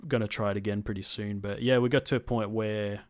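A young man chatting casually about a video game, relaxed and swearing freely, with plenty of ums. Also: fairly low pitch, fast, no echo, studio quality. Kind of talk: casual gaming chat.

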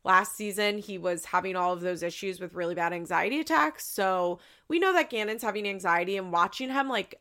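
Sarcastic lady rambling thru a show recap, lots of "like", some swearing, a bit of vocal fry. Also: mid-range voice, brisk, few pauses, sharp tone. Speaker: reality TV recapper. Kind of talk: casual recap chat.

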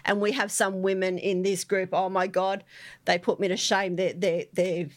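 A woman's voice: mid-range voice, little pitch movement. A talkative woman co-hosting a podcast, rambling in easy chat with frequent giggles and stumbling restarts. Her voice sits in an ordinary middle range. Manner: chatty and giggly, with quick restarts. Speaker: podcast co-host. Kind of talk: casual chat.

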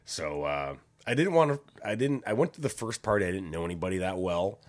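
Podcast host, low-pitched man, lively, swears a lot, acts out voices in a story. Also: a little fast. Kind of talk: casual chat, storytelling.

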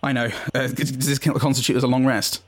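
A man playing a character in a tabletop role-play, relaxed and chatty. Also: medium pitch, brisk. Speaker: player.

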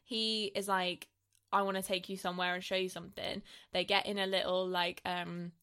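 A woman, bubbly and animated, recapping a film in casual podcast chat. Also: on the low side, moderate pace, clean tone. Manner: bubbly and animated, laughs easily and often.

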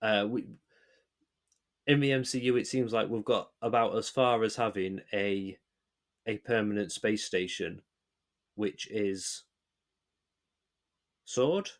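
A man's voice: on the low side, steady tone, slow pace, pauses often. A man co-hosting a podcast, chatting casually and working through his thoughts with frequent hesitations and restarts. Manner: hesitant, many restarts, rambling analysis. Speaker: podcast co-host. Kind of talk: casual chat.

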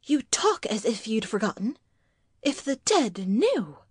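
An anxious young wife, earnest and pleading, her voice lifting high and swinging widely between lines as a woman reads her aloud. The delivery is slow and measured, and the sound is close and dry. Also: sing-song, breathy edge, no echo, full character voice. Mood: distressed.

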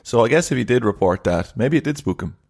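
A man's voice: mid-range voice, expressive, quick pace, creaky, darkish tone, breathy edge. A man co-hosting a podcast, chatting casually, teasing and skeptical. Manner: skeptical, teasing, laughs often. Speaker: podcast co-host. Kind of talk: casual chat.

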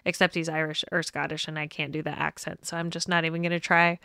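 Female co-host, casual chat. Smooth, dry recording. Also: lowish voice, level tone, fairly quick, bright, forceful tone, dry recording. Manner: chatty, laughs often, acts out quotes. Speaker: podcast co-host. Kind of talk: casual film discussion.

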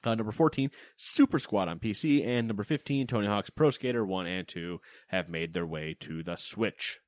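On a casual gaming news podcast, a male co-host with a lowish voice speaks at a moderate pace with no echo. He's lively and jokey, clowning around and reading out lists of games with playful emphasis.

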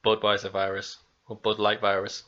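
A man's voice: fairly low pitch, completely flat delivery, moderate pace, sharp tone. A young man co-hosting a casual podcast, rambling and jokey. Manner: rambling, jokey, laughs a lot. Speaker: podcast co-host. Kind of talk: casual chat. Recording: slightly dull lo-fi sound.

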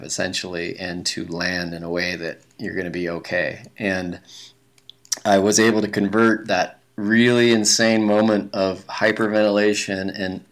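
A man's voice: low-pitched, level tone, normal speed. A man telling a long story in a casual interview, rambling with plenty of fillers and restarts. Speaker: guest, big-mountain skier.

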